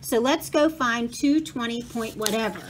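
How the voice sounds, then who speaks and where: A brisk schoolgirl makes dry, practical remarks, read by a woman. Her voice sits fairly high. A faint hiss runs underneath. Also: lightly acted.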